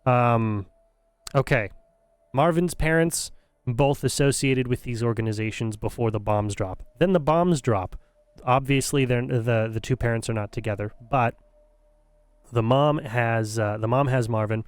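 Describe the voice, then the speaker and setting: Male game streamer, smooth voice, dry close sound, casual and hesitant as he thinks aloud. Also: mid-range voice, unhurried, no echo. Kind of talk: casual live-stream commentary.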